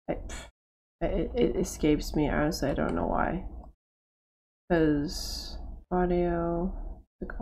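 A woman from Massachusetts chatting casually while streaming a game, going high and excited over her game cats.

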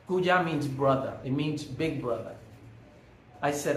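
A man's voice: a little high, measured pace. A man telling a personal story as a monologue, emphatic and preachy, repeating phrases for effect. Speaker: vlogger. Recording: echoey room, faint background hum.

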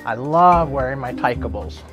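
A man's voice: medium pitch, normal speed, lo-fi sound. A man in his thirties, earnest and matter-of-fact, speaking proudly in a documentary interview clip. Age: 30s. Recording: clip played with music behind. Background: background music.

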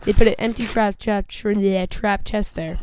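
A woman's voice: mid-range voice, fairly even intonation, normal speed, darkish tone, clean tone. Jumpy woman narrating her gameplay. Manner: jumpy, nervous, chattering to herself and the game. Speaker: gaming video host. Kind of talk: let's play commentary.

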